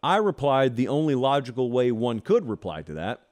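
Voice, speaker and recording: Animated male sports talk host. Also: medium pitch, normal speed. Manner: animated, emphatic, sarcastic asides. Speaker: college football show host. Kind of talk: opinionated sports talk monologue.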